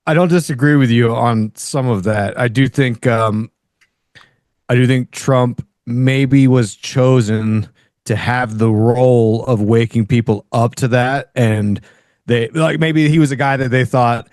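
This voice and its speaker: Male podcast guest, halting and agreeable, dry close sound. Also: mid-range voice, no echo. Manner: halting, agreeable, many restarts. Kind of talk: casual chat.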